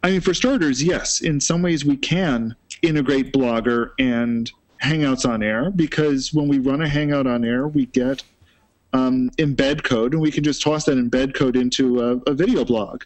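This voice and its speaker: A man's voice: medium pitch, normal speed. A man hosting a casual tech panel chat, opinionated and full of fillers.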